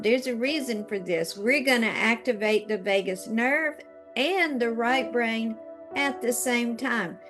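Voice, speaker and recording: Slow, soothing woman guiding a tapping session. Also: on the high side. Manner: slow, directive coaching with spoken affirmations. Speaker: EFT tapping guide.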